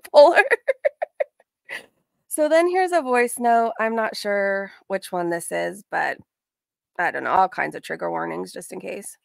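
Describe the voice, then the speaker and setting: A woman's voice: medium pitch, normal speed, creaky, no echo, studio quality. A woman hosting a casual reaction stream, reading messages aloud with sarcastic asides. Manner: sarcastic, reads chat messages aloud with frequent laughs.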